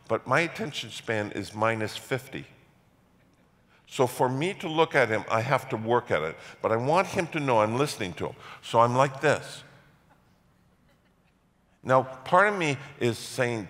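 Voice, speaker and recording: A middle-aged man preaches to his congregation, spinning a story with playful self-mockery. His voice swoops lively up and down, and it rings out with the long reverb of a large church hall. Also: mid-range voice. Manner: animated storytelling with self-mocking humor. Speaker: pastor. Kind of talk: sermon.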